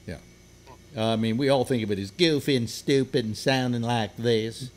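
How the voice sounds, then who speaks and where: A man's voice: medium pitch, moderate pace, slight background noise. An older man hosting a casual group chat, rambling with many fillers and restarts. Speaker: radio host.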